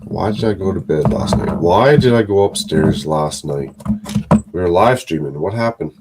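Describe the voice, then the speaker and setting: A man's voice: deep voice, expressive, moderate pace, very noisy. A man live streaming from his home setup, rambling, swearing and talking to himself as he chats with his viewers. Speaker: live streamer building sets. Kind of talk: casual live-stream talk to chat.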